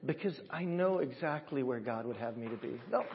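A man in a church service, a pastor talking with his congregation in a lively, upbeat way and leading them through a greeting. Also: mid-range voice, brisk, highs cut off, heavy background noise. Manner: warm, upbeat, talks with the congregation and teaches them. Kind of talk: sermon.

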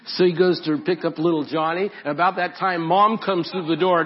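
A man preaching a sermon and leading prayer as a pastor, earnest and repeating his phrases, dropping to a hush when he prays. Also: high-pitched, a little fast, few pauses, highs cut off. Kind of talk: sermon and altar-call prayer. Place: church sanctuary.

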